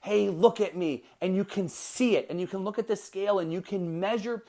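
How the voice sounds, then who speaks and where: A man in his thirties hosting a motivational podcast, telling a personal story with earnest warmth and building to emphatic encouragement. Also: high-pitched, fairly quick. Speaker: podcast host.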